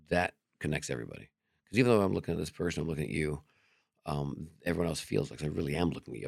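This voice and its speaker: Fast-talking gravelly-voiced man. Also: extremely low pitch, no room sound, clean studio sound. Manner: animated storyteller who acts out quoted dialogue; candid, swears freely. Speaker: podcast guest, magician and comedian. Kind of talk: casual interview talk.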